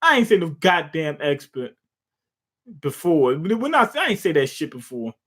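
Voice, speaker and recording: Profane, joking young man, higher voice. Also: big pitch swings, normal speed, a bit bright. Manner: loose, profane, jokey retelling with laughs. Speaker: manga reaction streamer. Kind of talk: casual live reaction commentary.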